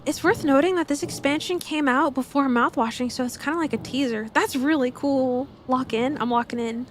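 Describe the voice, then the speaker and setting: A woman's voice: high-pitched, moderate pace, slight background noise. A young woman streaming a game, chatting casually, telling jokes, swearing, and breaking into squeals and giggles. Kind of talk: casual gameplay commentary.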